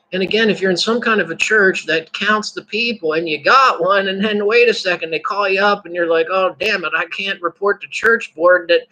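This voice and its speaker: Husky, bright-voiced man talking candidly. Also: high-pitched, low-quality recording. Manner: candid and animated, swears and laughs often. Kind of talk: casual talk about faith.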